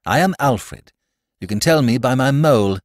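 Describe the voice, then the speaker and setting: A man's voice: mid-range voice, lively intonation, normal speed, no room sound, voice pushed up, close to an everyday voice. A worried young man in a fix, glum and agitated, voice rising when pressed, as a male narrator plays him. Recorded close and dry. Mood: defiant.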